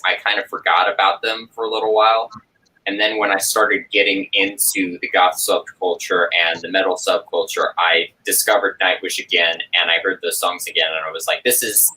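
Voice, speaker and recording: Deep husky man chatting with enthusiasm. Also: low-quality recording. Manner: relaxed, enthusiastic, with frequent "uh" fillers. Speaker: host of a watch-along chat. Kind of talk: casual group chat on a video call.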